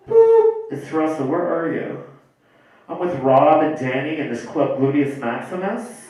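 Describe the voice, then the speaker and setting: A man voicing his flamboyant gay cousin rambling giddily into voicemails, in a shrill, breathless way. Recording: echoey club from far off.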